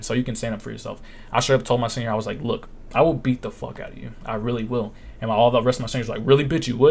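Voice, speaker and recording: A man's voice: mid-range voice, vocal fry. A young man in his twenties hosting a casual live-stream Q&A, telling blunt, profane stories and acting out what others said. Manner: blunt, profane storytelling, acts out quotes. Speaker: live stream host answering questions.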